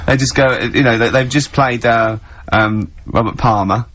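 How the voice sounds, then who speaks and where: A man hosting a casual radio chat, mocking his guest and quick to laugh. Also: medium pitch, fairly bright tone. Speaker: radio host. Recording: slightly dull radio studio sound.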